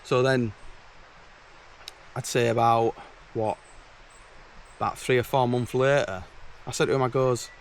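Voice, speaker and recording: A man's voice: medium pitch, fairly even intonation, unhurried, pauses often, a little hiss or hum. Chatty man. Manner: chatty, blunt, exasperated anecdotes. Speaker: camping vlogger. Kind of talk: casual storytelling to camera. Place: outdoors in a woodland camp.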